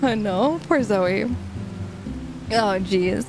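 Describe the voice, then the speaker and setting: A young woman streaming from home, chatting casually with her chat, giggly, swearing often and animated. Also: mid-range voice, very slow, music in the background. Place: home room.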